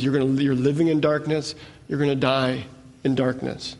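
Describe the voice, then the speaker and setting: A man's voice: fairly high pitch, steady tone, moderate pace, a little mellow. A man teaching a sermon, reading scripture aloud and explaining it in plain conversational asides. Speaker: preacher. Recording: echoey hall with long reverb.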